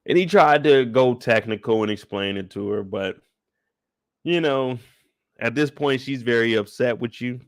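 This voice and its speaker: A man hosting a casual live show recap, telling it in a profane, animated way. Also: medium pitch, moderate pace, no echo, clean studio sound.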